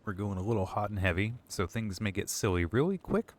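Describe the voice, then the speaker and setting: A man with a lowish, animated voice talks briskly while playing a game on a live stream. He jokes casually and rambles with restarts, drinking alcohol as he goes.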